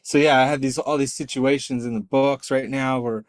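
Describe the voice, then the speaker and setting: A middle-aged man, a guest on an interview podcast, chatting casually in a lively, self-deprecating way and acting out the voices he quotes. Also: mid-range voice, normal speed, dry recording. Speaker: guest, storyteller and artist.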